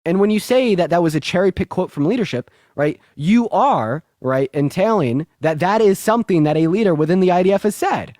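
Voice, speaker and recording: Combative male streamer, lively pitch. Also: brisk, hardly any pauses, no echo, clean studio sound. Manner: combative, interrupting, repeats himself. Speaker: livestream host. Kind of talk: heated live debate.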